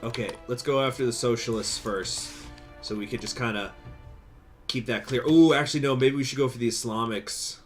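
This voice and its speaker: A man streaming a strategy game, chatting casually with viewers, rambling, laughing and jumping into high excited bursts. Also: normal speed, faint music behind. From United States. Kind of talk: casual game commentary with chat.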